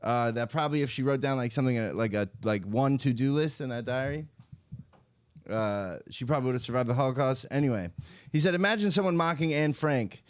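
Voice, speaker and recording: A man's voice: medium pitch, brisk, darkish tone, dry recording, studio quality. A young man co-hosting a podcast, telling a comedy story in a rambling, amused way and cutting himself off mid-sentence. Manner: rambling, amused, self-interrupting. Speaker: podcast co-host.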